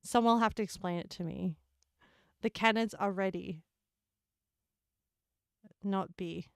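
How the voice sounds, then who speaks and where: A woman's voice: medium pitch, a little slow, long pauses, clean tone, no room sound. A woman streaming a game, chatting casually with her viewers, joking and laughing often, on a close desk microphone.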